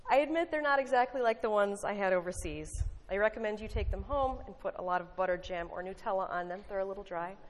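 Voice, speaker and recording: A woman's voice: medium pitch, fast, few pauses. A woman giving a sermon, mixing a folksy story with earnest teaching and wry asides. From United States. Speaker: lay preacher. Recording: long hall reverb.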